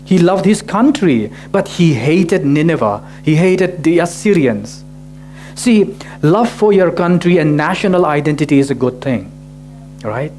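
A man's voice: fairly high pitch, lively intonation, measured pace, darkish tone, faint music behind. A man preaching a sermon as pastor, restating each point and checking in with listeners by asking "right?". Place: church in Tokyo.

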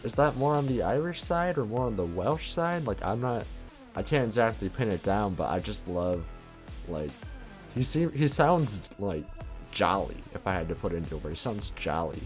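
A man's voice: lowish voice, big pitch swings, moderate pace, faint music behind. An American man hosting a reaction video, talking in a laid-back, rambling way with lots of fillers. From United States. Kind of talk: casual reaction commentary.

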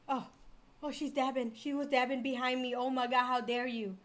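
A woman's voice: sits high, flat delivery, moderate pace, fairly bright tone. A young woman playing a horror game, talking to viewers and gasping and yelping when startled. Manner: jumpy, gasps and yelps when scared. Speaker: gamer streamer.

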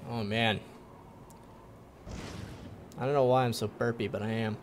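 Slow-talking young man, sweary game commentary. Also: mid-range voice, fairly even intonation, a little hiss or hum. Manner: joking, swearing, taunting enemies. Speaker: gaming video host. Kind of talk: casual gaming commentary.

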